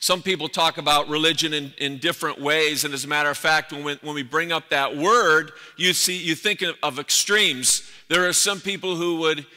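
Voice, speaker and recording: A man's voice: on the high side, steady tone, normal speed, hardly any pauses, sharp tone. A man preaching a sermon as pastor, earnest and building emphasis through repeated phrases. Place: church sanctuary. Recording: echoey church hall.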